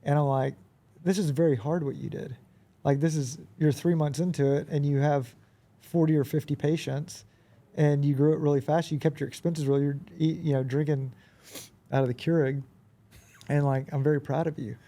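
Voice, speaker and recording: A man who is a podcast guest, telling animated anecdotes in a casual conversation and often acting out quoted dialogue. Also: a little high, moderate pace. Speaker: podcast guest, business owner.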